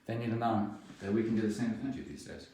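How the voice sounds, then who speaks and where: A man's voice: fairly low pitch, fast talker. Man, dog trainer, easygoing rambler, distant mic, room hiss. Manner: relaxed, rambling, praises the dog often. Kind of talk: casual explanation during training. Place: indoor room with dogs. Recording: echoey room, mic far off.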